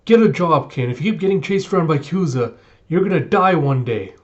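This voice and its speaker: A man's voice: a little high, expressive, a little fast, lo-fi sound, voice pushed up, lightly acted. A man doing a scolding young woman.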